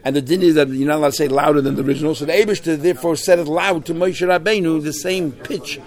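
A man leading a Talmud class, explaining texts in a loose, animated way with many restarts and Hebrew and Yiddish terms. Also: fairly high pitch, fast. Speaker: Talmud teacher.

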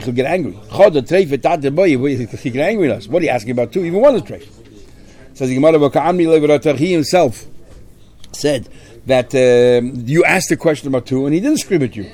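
A man's voice: medium pitch, animated, normal speed, a little mellow. A man teaching a Talmud lesson, explaining step by step and weaving Aramaic and Hebrew terms into his English. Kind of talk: Talmud study lecture.

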